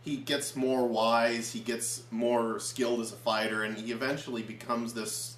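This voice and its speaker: A man's voice: medium pitch, level tone, normal speed, a bit bright. A man co-reviewing a film in casual chat at home, earnestly explaining his points at length. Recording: echoey room with faint hum.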